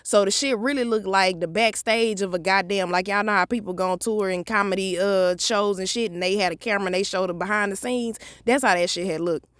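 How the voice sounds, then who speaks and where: A woman, telling a profane, animated story in a vlog. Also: mid-range voice, fairly quick, few pauses, no echo, clean studio sound. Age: 30s. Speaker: vlogger.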